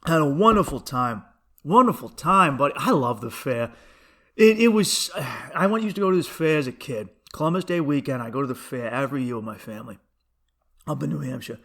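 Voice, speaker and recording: A man's voice: mid-range voice, animated, a little fast, a bit bright. A man hosting a comedy podcast, telling a rambling story in a casual monologue that keeps breaking off into asides. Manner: rambling storytelling, self-interrupting with restarts and asides.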